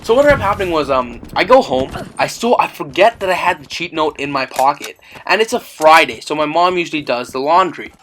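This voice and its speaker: A man's voice: fairly high pitch, expressive, brisk, hardly any pauses, a bit bright, a little hiss or hum. A young man telling a story in a casual, rambling way, full of 'like' and 'you know'. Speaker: vlogger. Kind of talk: casual story-time chat.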